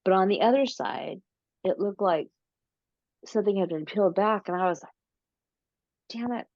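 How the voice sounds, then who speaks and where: A woman being interviewed, telling a long story slowly and casually, with many fillers and restarts. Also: medium pitch, darkish tone, no echo. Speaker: interview guest, paranormal researcher. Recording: dull lo-fi audio.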